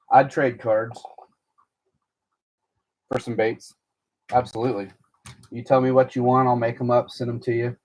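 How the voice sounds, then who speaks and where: A man's voice: mid-range voice, a little slow, pauses often, darkish tone. Chatty man rambling about his cards. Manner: rambling, chatty, reads viewer comments aloud. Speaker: baseball card collector streaming to viewers. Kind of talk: casual live-stream chat.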